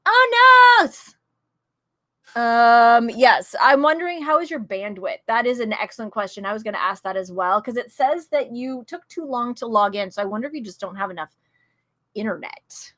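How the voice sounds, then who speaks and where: A woman's voice: fairly high pitch, animated, brisk, a bit bright. A middle-aged woman streamer chatting casually, bubbly and laughing often as she greets her viewers. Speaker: streamer and guest. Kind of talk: casual chat while streaming.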